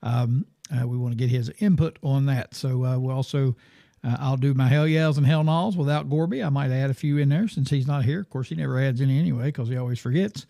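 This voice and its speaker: A man's voice: medium pitch, a little fast, gravelly, warm tone, no echo. A man hosting a casual sports talk show from a studio, rambling and easygoing with plenty of fillers.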